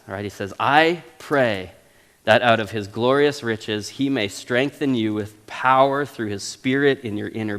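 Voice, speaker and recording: A man in his thirties from Canada, preaching a sermon as pastor in a casual, animated way with frequent restarts. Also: medium pitch, big-room sound. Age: 30s. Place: church sanctuary.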